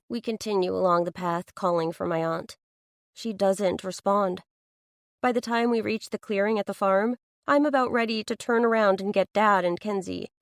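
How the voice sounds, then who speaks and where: A woman's voice: on the low side, fairly even intonation, normal speed, no room sound, clean studio sound. Earnest woman narrating an audiobook. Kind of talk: first-person audiobook narration.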